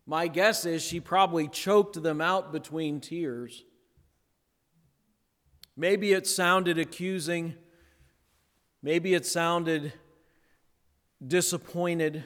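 A man preaching a sermon, pausing for effect and dropping to a near hush on key words, then building again. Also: fairly high pitch. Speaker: pastor. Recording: long hall reverb.

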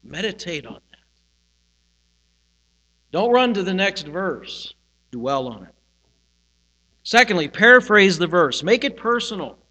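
A male pastor giving a sermon, teaching in a slow, reflective way and pausing on single words. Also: high-pitched, very animated, bright, forceful tone. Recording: hall reverb with mains hum.

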